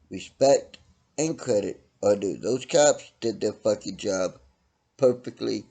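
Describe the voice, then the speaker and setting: A middle-aged man ranting his opinions bluntly and profanely, swinging from loud outbursts to low mutters. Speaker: vlogger ranting to camera.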